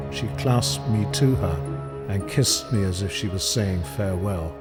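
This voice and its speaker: A man narrating a horror story in a measured, grave manner. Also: deep voice, loud music behind the voice. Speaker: audiobook narrator. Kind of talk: scripted narration.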